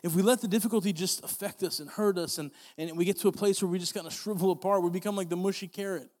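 A man's voice: high-pitched, steady tone, fast talker, darkish tone, in a large hall. A young man preaching a sermon, earnest and repetitive, often restarting his phrases. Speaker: pastor.

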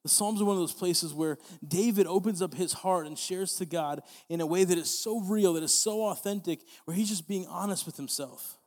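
A young male pastor delivering a sermon in a fairly high voice. He speaks earnestly, repeating phrases for emphasis and often restarting mid-sentence. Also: normal speed, few pauses, darkish tone, in a large hall. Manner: earnest, repetitive, many restarts.

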